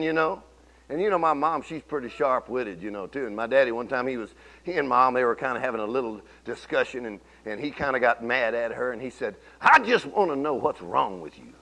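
A man's voice: medium pitch, bright, forceful tone, low-quality recording. A middle-aged man preaching a sermon, telling folksy stories and rising into emphatic bursts.

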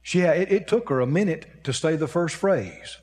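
A man's voice: a little high, expressive, normal speed, darkish tone. A man preaching a sermon, telling a story and acting out the voices of the people in it. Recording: long hall reverb.

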